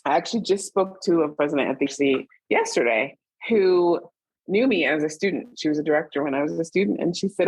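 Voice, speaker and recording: Husky-voiced woman, reflective guest. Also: deep voice, brisk, no echo, rough recording. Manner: reflective, animated when retelling stories. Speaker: interview guest, magazine editor. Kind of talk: conversational interview.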